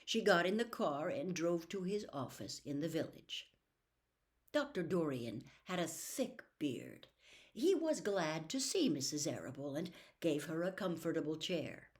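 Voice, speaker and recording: A woman reading a children's book aloud in a gentle, expressive way. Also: low voice, a little slow. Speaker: storybook reader.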